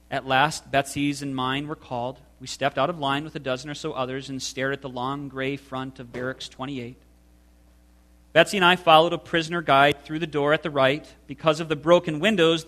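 A man reads a memoir passage aloud to listeners, slow and deliberate, shaping each line with care. His voice sits slightly high for a man. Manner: slow, deliberate, expressive reading. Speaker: reader.

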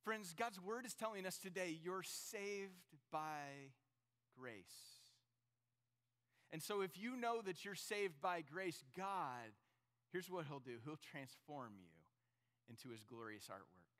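A man's voice: sits high, lively intonation, moderate pace, fairly bright tone. A man preaching a sermon to his congregation, earnest and storytelling, speaking straight to the listeners. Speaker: pastor. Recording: long reverb of a large hall.

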